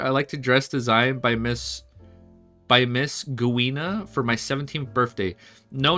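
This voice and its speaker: A man streaming a read-along of a web novel, reading haltingly with restarts and breaking into excited casual asides. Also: mid-range voice. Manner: reads aloud haltingly, stumbling and restarting. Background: faint background music.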